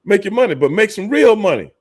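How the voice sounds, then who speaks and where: A man's voice: high-pitched, very animated, fast talker, darkish tone. A man who used to wrestle, hosting a casual livestream, talking bluntly and profanely to his viewers and laughing often. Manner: talks to chat viewers by name. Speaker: livestream host and former wrestler.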